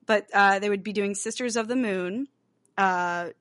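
A woman's voice: mid-range voice, a little slow, a bit bright, no room sound. A woman co-hosting a podcast in casual chat, talking freely with lots of fillers and the odd swear. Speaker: podcast co-host. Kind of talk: casual chat about a film.

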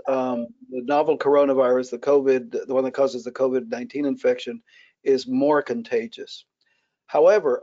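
A man explains a concept as a panelist on an online webinar, restarting himself now and then. His voice sits a bit high and comes through dull, lo-fi call audio. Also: darkish tone.

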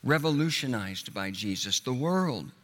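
A man preaching a sermon in an earnest way, slowing down and dropping his voice on key words. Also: expressive. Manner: earnest, slows and drops low on key words. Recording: long hall reverb.

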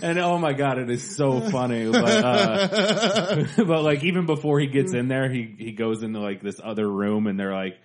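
A man co-hosting a podcast, telling comedy sketches in casual chat, often laughing and shouting out the lines he quotes. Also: medium pitch, moderate pace. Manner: laughing storyteller, acts out quotes loudly. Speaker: podcast co-host.

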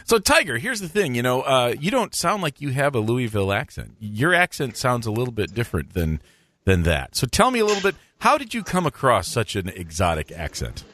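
A man's voice: mid-range voice, sing-song, fairly quick, a bit bright. A man hosting his own podcast as a dentist, chatting in an upbeat, jokey way with his guest. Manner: jokey, upbeat, sing-song. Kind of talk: casual interview.

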